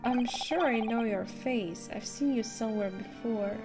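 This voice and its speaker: A woman reading aloud the lines of a polite, sharp-witted young man, measured, with game music behind. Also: fairly high pitch. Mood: probing.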